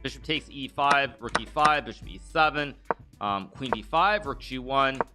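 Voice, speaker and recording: A man's voice: mid-range voice, over music. A man in his thirties giving casual live-stream commentary on chess games, thinking aloud with restarts and fillers. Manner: thinks aloud with frequent restarts and fillers, reads out donor thanks quickly.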